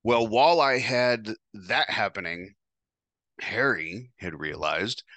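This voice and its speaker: A man's voice: lowish voice, takes it slowly, sharp tone, dry recording. A man hosting a podcast, telling a first-person story in a casual, profane, wry way. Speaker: podcast host.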